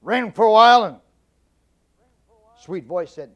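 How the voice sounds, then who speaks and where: A middle-aged man giving a humorous storytelling speech, folksy and animated, stammering and repeating himself for effect. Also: high-pitched, moderate pace, long pauses. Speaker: public speaker.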